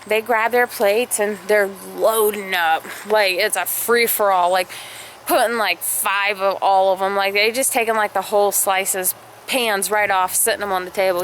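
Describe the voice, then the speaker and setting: A woman's voice: medium pitch, normal speed, fairly bright tone, slight background noise, low-quality recording. A young woman vlogger telling a rambling story in casual chat, full of fillers. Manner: rambling, filler-heavy, acts out quotes.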